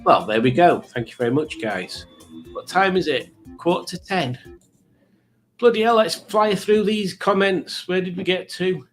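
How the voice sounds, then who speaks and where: A man's voice: high voice, measured pace, faint music behind. A middle-aged man, hosting a live quiz stream in a chatty, rambling, teasing way. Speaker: livestream quiz host. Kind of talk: casual live-stream chat.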